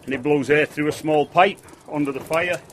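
A man with a Manchester accent, acting as storyteller and forge guide, tells a folk tale while showing visitors around a blacksmith forge in chatty oral narration. His voice is a little high and his speed normal, with a little hiss or hum in the recording.

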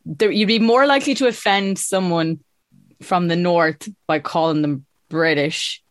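A man's voice: high-pitched, unhurried, no echo. Easygoing Irish man, dry close sound. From Ireland. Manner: easygoing, explanatory, laughs readily. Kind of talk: casual podcast chat.

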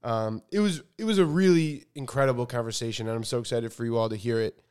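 A young man co-hosting a podcast in relaxed, rambling casual chat. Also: medium pitch, fast talker, clean tone. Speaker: podcast co-host.

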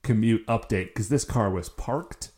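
This man co-hosts a laid-back podcast, recounting a story in a lowish, unhurried voice. Excitement makes him animated, and he trips into many stammering restarts.

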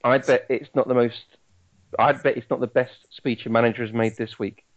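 A man co-hosting a podcast in casual chat, teasing and quick to apologise. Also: mid-range voice, flat delivery, lo-fi sound. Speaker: podcast co-host.

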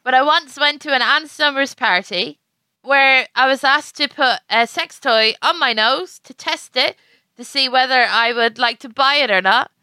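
A woman's voice: high-pitched, normal speed, sharp tone, smooth, no echo. A woman co-hosting a comedic podcast over a video call, wry and self-mocking, often breaking into giggles. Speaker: podcast co-host.

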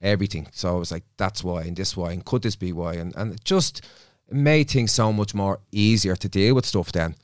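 A man's voice: deep voice, normal speed, few pauses, no room sound, clean studio sound. A middle-aged man, a therapist, talking reflectively as a podcast guest and telling stories from his own life. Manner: reflective, storytelling, often quotes himself. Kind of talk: casual studio podcast chat. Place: podcast studio.

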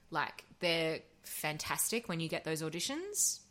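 A woman in her thirties tells audition stories in a casual podcast chat. Her voice sits a little low but is bright and forceful. She swears freely and throws herself into acting out what other people said. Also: measured pace. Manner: animated storytelling, swears freely, acts out quotes. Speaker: actor and audiobook narrator, guest.

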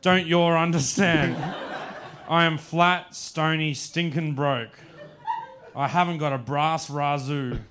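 A man's voice: fairly high pitch, steady tone, fairly quick, few pauses, fairly bright tone, slight background noise, lightly acted. A man reading as a broke Australian bloke. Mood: pleading.

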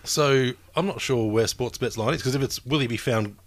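A man co-hosting a casual chat, an animated storyteller who swears and acts out the people in his stories. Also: medium pitch, normal speed, no echo.

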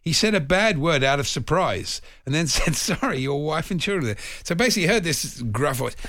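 A man's voice: fairly high pitch, animated, a little fast, pushed and bright, dry recording, clean studio sound. Giggly man bantering on air. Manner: chatty, giggly, jokey. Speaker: radio presenter.

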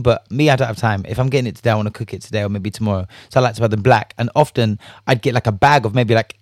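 A man hosting a casual solo chat, animated, laughing and swearing freely as he acts out reactions. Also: fairly low pitch, no echo, clean studio sound.

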